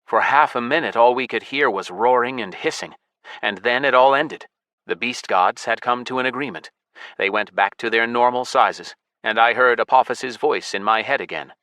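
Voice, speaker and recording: A male narrator reads a first-person adventure in a steady, measured way. His voice is bright and mid-pitched, recorded close and dry with no room sound. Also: no room sound. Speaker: audiobook narrator. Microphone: close studio mic.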